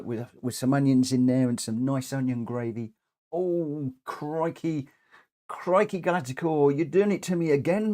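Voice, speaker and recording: A man's voice: medium pitch, a little mellow. A man chatting through a live racing game stream, rambling with frequent ums, a bit short of breath and coughing now and then. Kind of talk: live gameplay commentary.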